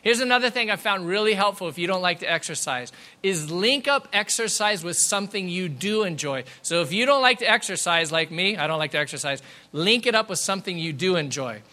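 A middle-aged pastor preaching in a church sanctuary in a high, bright voice. He talks to the congregation in a lively, conversational way and slips in quick asides. He sounds like he is speaking into a stage mic. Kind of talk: sermon.

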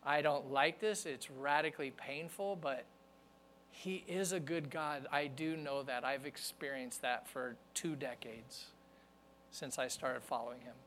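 A man's voice: medium pitch, measured pace, fairly bright tone, a little hiss or hum. A man preaching a sermon as pastor, speaking to the congregation in a conversational, earnest way.

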